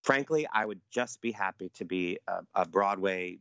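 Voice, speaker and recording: A middle-aged male actor speaks with a low, gravelly voice and a campy, playful manner. The audio is dry and a little muffled, like a remote interview call. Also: moderate pace, fairly bright tone, no echo. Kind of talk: casual interview chat.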